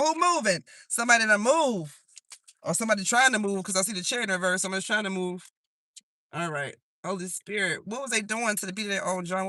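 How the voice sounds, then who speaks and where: A man's voice: extremely high pitch, sharp tone, no room sound. A man giving a live tarot reading to his audience, casual and profane, laughing at his own jokes as he talks through the cards. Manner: breaks into singing old songs. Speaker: tarot reader.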